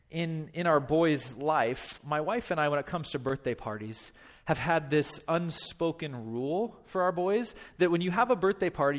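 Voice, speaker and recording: A man in his thirties, a pastor telling a funny story in a sermon, animated and self-deprecating. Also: fairly high pitch. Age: 30s. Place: church.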